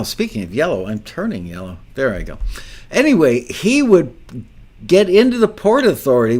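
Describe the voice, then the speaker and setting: An older man hosting an interview, telling a long story in a rambling, self-deprecating way and laughing often. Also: on the high side. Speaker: podcast host.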